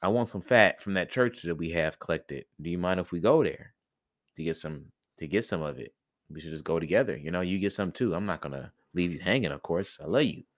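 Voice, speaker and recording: A man's voice: deep voice, lively intonation, fairly quick, no room sound, studio quality. A man voicing a friendly, trusting mouse who keeps house, chatting in slang. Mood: puzzled.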